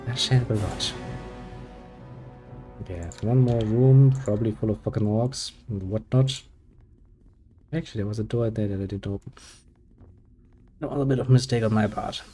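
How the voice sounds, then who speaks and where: Sarcastic, swearing man with a mellow voice. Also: on the low side, moderate pace, pauses often, soft background music. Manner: sarcastic, muttering, heavy swearing. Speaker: gameplay commentator. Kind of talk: casual gameplay commentary.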